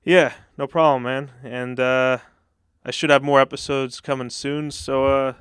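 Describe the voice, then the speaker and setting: A young man hosts a casual interview podcast, his voice smooth and clear. He talks in a relaxed way and hesitates often, filling gaps with "like" and "uh". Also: medium pitch, measured pace, no room sound, studio quality. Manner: relaxed, hesitant with many fillers. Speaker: podcast host.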